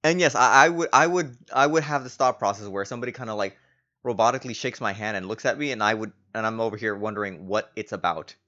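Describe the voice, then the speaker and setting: A man's voice: lowish voice, fast, bright, forceful tone, faint music behind. A man from California streaming a game playthrough, chatty and giggly, poking fun at himself while reading aloud. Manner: chatty, giggly, self-deprecating. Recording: dull lo-fi stream audio.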